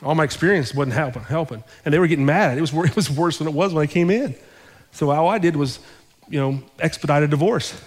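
A male pastor telling a story in his sermon, conversational and animated, repeating his phrases for effect. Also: on the high side, fast, hardly any pauses, big-room sound. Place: church sanctuary.

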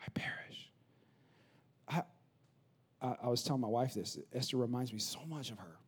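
A man in his thirties, a pastor, preaching a sermon in a conversational way that builds into rapid, repetitive crescendos. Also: medium pitch, breathy edge.

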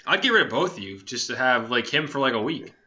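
A man co-hosting a podcast, trading dry, deadpan jokes. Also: mid-range voice, quick pace. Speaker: podcast co-host. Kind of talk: casual comedic banter. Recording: dull lo-fi sound.

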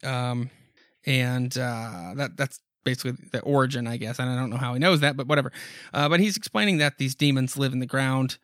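Male podcast host, mid-pitch, dry close-mic sound, loose rambling recap delivery. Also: brisk, fairly bright tone, no echo. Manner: rambling, frequent ums and asides. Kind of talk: casual comic book recap.

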